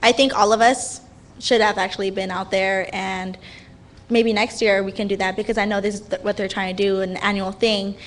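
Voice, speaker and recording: A woman's voice: mid-range voice, level tone, moderate pace. Chatty young woman giving a report. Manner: hesitant, chatty, with fillers. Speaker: student reporter. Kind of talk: casual spoken report.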